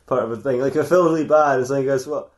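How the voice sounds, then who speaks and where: A man's voice: mid-range voice, very fast. A man co-hosting a comedy podcast, telling a silly fan fiction story in a rambling way and laughing often at his own jokes.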